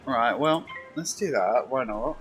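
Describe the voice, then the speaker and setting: Sassy man with a lively, drawling voice. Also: medium pitch, a little slow, soft background music. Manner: sassy, teasing chatter at the game. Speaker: streamer. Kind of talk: casual gameplay commentary. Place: at home in his room.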